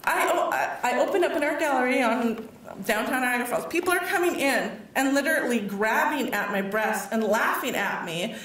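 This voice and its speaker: A woman tells her story to an audience in an animated way, laughing and acting out what others said. Her voice sits a little high. The sound is heavily echoey and recorded from far away, as if picked up across a hall. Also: normal speed. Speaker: award recipient giving a speech. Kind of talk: personal speech to an audience. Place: public event hall.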